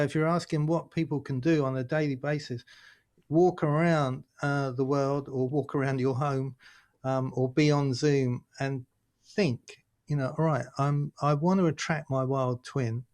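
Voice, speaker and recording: A man, a guest chatting on a video call, telling lively stories and acting out other people's voices. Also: fairly high pitch. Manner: animated storytelling, acts out voices of others. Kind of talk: casual interview chat.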